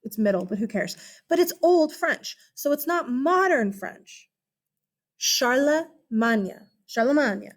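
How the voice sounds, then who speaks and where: An American woman giving a casual, animated history lesson, chatty and full of asides and check-ins. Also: high voice, measured pace. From United States. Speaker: history teacher. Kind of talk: casual classroom-style lecture.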